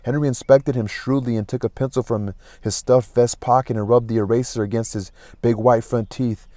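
A man reading a classic novel aloud as an audiobook, in a steady, unhurried way. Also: mid-range voice, no echo. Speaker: audiobook narrator.

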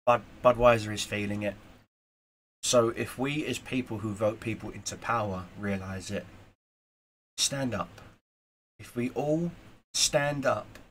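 Gravelly low-voiced man giving earnest advice. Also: slight background noise. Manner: earnest, rambling, with fillers and repeats. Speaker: YouTuber. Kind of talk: casual motivational vlog talk.

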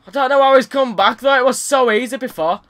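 Frustrated gamer, high bright voice. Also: male voice, fast talker. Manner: frustrated, swearing, sarcastic. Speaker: gaming YouTuber. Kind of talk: let's play commentary.

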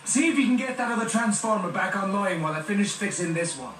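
A man's voice: sits high, lively intonation, fast, a bit bright, far from the mic, slight background noise. An actor playing a blunt male survivor with an Irish accent, fixing machinery in a video game. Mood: irritated. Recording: roomy game audio heard from afar.

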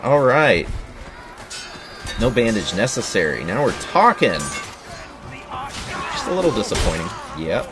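A young man hosting a gaming video, giving casual gameplay commentary, laughing constantly and swearing as he rambles jokes. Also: on the high side. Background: game music and battle sounds.

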